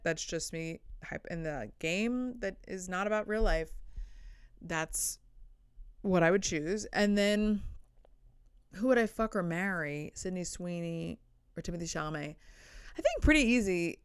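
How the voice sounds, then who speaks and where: Young woman comic rambling on her podcast, smooth lowish voice, dry close sound, blunt and kinda self-deprecating. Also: lively intonation, measured pace, dry recording. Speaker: podcast host, comedian. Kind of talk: casual solo comedy podcast. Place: indoors, sitting on the floor.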